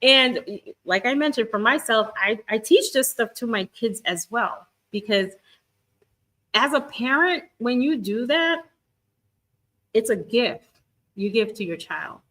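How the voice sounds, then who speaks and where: A woman's voice: on the high side, expressive, a little slow, long pauses, rough recording. Encouraging woman coach live-streaming. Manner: warm, encouraging, talks straight to viewers. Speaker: twin flame guidance coach. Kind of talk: live-stream chat with viewers.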